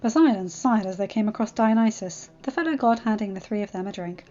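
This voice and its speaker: A woman's voice: medium pitch, expressive, fairly quick, hardly any pauses, dark tone. A woman host reading fan fiction aloud in a storybook narration, bubbly and chatty, on a dull lo-fi recording. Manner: bubbly and enthusiastic in asides.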